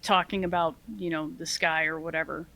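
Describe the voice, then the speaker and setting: A middle-aged woman, a retired Army sergeant, telling stories as a podcast guest in a lively, self-deprecating way, laughing often and acting out what people said. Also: deep voice, fairly quick. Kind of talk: casual interview storytelling.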